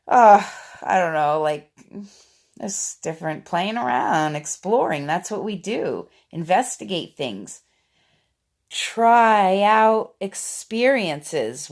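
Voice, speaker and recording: A woman in her forties talking to her phone camera in a rambling, excitable way, swinging from loud outbursts to hushed asides. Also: medium pitch. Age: 40s. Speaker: vlogger. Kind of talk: casual talking-head monologue.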